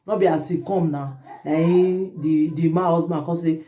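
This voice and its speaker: A woman's voice: sits low, moderate pace. Indignant Nigerian Pidgin woman vlogger. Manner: animated, indignant, addresses viewers. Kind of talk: gossip storytelling vlog. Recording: roomy echo.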